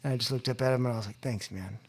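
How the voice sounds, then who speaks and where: A man's voice: mid-range voice, level tone, rapid-fire, darkish tone. A young man as a podcast guest telling his recovery story, acting out the voices of people in it and laughing often. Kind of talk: storytelling about addiction recovery. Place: convention venue.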